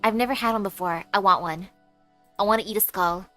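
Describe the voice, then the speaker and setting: A woman's voice: mid-range voice, brisk, sharp tone, soft background music. A woman streaming a game, reading the dialogue aloud and adding playful, joking asides.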